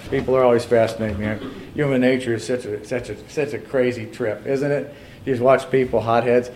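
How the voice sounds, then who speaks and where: Emphatic male preacher with faint hiss. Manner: swings from quiet, low asides to loud, high-pitched emphatic reading. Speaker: pastor. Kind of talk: sermon.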